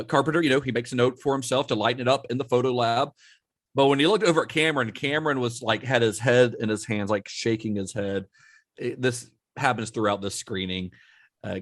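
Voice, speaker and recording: A man's voice: mid-range voice, a bit bright, dry recording, studio quality. A man hosting a podcast, telling a film story in a casual, rambling way with many fillers and laughs. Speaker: podcast host.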